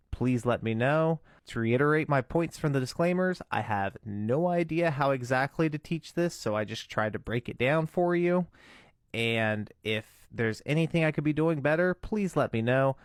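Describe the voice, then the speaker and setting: A man's voice: mid-range voice, no room sound, clean studio sound. A man giving a casual step-by-step tutorial, earnest and cautious in how he explains. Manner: earnest, cautious, breaks into demo screams and whispers. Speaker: vocal tutorial maker.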